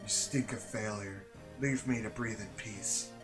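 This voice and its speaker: A man's voice: fairly low pitch, fairly even intonation, a little slow, music in the background, lightly acted. A man voicing a haughty, cruel noblewoman in a game, with clipped, contemptuous delivery. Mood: scornful.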